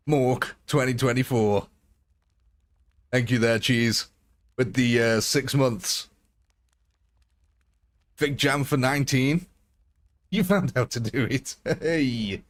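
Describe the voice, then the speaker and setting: A man's voice: mid-range voice, takes it slowly, pauses often. A man hosting a live game stream in a casual, chatty, jokey way, laughing often.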